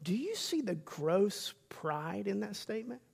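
A man's voice: high voice, sing-song, unhurried, gravelly, breathy edge. A middle-aged man preaching a sermon as pastor, emphatic, with stammered restarts and quoted voices acted out.

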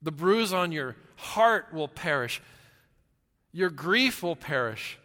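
A man preaching a sermon as a pastor, earnest, often restarting his words and swinging between loud emphasis and hushed, slow lines. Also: fairly high pitch, lively intonation. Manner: earnest, with repeated restarts and stammers. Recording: long hall reverb.

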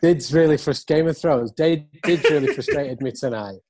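A man in a casual post-match football chat, animated and quick to laugh, often stammering over his words. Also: a little high. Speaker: football podcast co-host.

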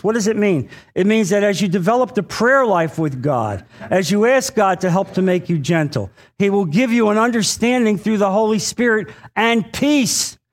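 A man with a high-pitched voice preaches a sermon in a lively, animated way. He sometimes stumbles and restarts as he talks, and he acts out the voices of the people in his stories. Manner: animated, acts out quoted voices, many fillers. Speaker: Bible teacher. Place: church or meeting hall.

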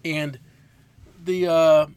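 A man in his forties co-hosting a casual podcast, telling loud, profane stories. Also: on the high side, little pitch movement, drawn-out words, clear, resonant tone. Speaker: podcast co-host, mechanic.

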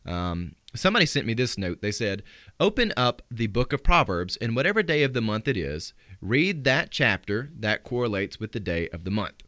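Guy pastor doing a livestream sermon, earnest and thoughtful, mid pitch, dry sound. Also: big pitch swings, bright, forceful tone, no echo. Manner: earnest, reflective, quotes scripture with slowed emphasis. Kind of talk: live-streamed sermon answering sent-in questions.

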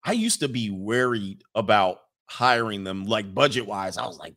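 A man's voice: mid-range voice, animated, normal speed, hardly any pauses, sharp tone. A man riffing casually and comically as a streamer reading viewer comments, slangy and crude, breaking into laughter often.

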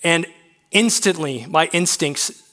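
A man in his thirties preaching to young adults, telling a personal story in an earnest, halting, emotional way. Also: on the high side, pushed and bright.

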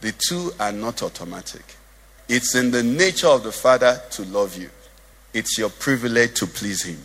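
A man preaches in a lively, swooping sing-song voice, his tone bright and a little husky. He keeps turning to the congregation with questions, and his words ring out with the long reverb of a church hall. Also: mid-range voice, normal speed. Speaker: pastor. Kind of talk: sermon.

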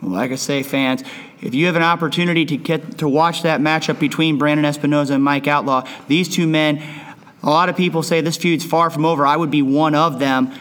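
A man's voice: a little high, steady tone, fairly quick, fairly bright tone. A man hosting a wrestling recap podcast in a bar and grill, speaking with repetitive, hype-style phrasing. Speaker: podcast host.

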